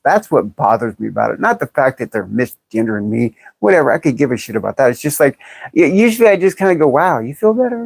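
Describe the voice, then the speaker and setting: Woman in her 50s, livestream chat, blunt and joking, lively swinging pitch, dry close sound. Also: vocal fry, no room sound. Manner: blunt, joking, laughs often. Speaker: livestream host. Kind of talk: casual livestream chat reading viewer comments. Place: in California.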